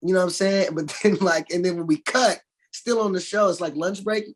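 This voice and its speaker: A man, an actor guest in a casual interview, telling lively stories, acting out quotes and laughing often. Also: high-pitched, fairly quick. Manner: animated storyteller, acts out quotes, laughs often.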